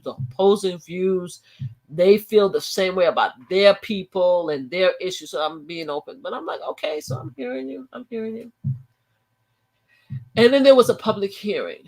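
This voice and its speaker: A woman, holding forth on her own live stream in a casual, heated rant. She leans hard on her words and circles back over her phrases, restarting and repeating them as she builds her point. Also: sits low.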